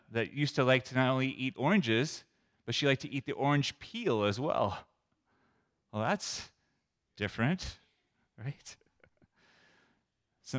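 Male pastor, conversational sermon, playful, leans on single words with pauses, mid pitch. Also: fairly bright tone. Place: church sanctuary.

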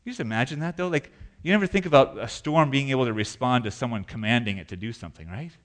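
A man preaching a sermon as pastor in a church, animated, acting out panicked voices. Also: mid-range voice, quick pace.

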